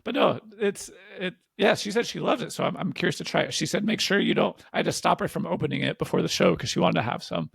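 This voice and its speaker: A man with a gravelly, husky voice chats as a podcast co-host, full of jokes and laughter. His pitch sits a bit high and swings a lot as he talks. The close mic sounds dry, with no room around him. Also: animated, fast, hardly any pauses, a bit bright, no room sound. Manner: playful, joking, laughs often. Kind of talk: casual chat.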